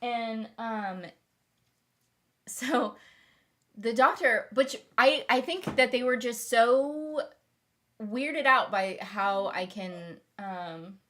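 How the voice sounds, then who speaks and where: A woman's voice: a little high, lively intonation, very slow, fairly bright tone. A young woman telling a long personal story in a casual vlog, rambling with fillers and restarts. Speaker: vlogger.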